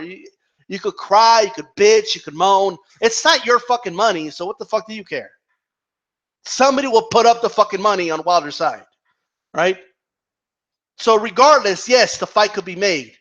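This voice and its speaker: The speaker is a man with a high, somewhat bright, animated voice at normal speed. He's ranting in a vlog about boxing, cursing, arguing with imagined fans and stumbling over repeated words. The audio is dull and lo-fi.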